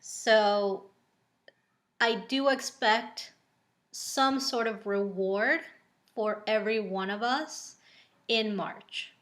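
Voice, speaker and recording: A woman giving an oracle card reading in a relaxed, chatty way, with many ums and likes. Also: fairly high pitch. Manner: slow and unhurried. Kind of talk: casual spoken card reading.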